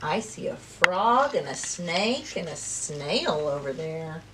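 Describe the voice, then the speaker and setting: A woman telling a rhyming story at circle time for preschoolers, slow and expressive, dropping to whispers and rising to calls. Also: deep voice, recorded from a distance, very noisy. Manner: slow, sing-song and expressive, with big swings between whispers and calls. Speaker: preschool teacher.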